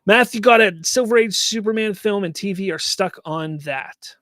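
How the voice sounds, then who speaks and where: A man's voice: high-pitched, normal speed, sharp tone, no echo, clean studio sound. A man hosting a live fan news stream, reading chat comments aloud and ranting with exasperated rhetorical questions.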